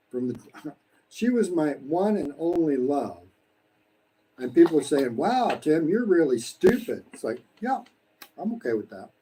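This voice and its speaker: A man in his sixties from the United States rambles through a live-stream meal, blunt and preachy, cursing freely. His voice is mellow and dark. Faint background noise sits behind him. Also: on the high side, low-quality recording. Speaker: vlogger. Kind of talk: casual live-stream monologue while eating. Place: home in the Philippines.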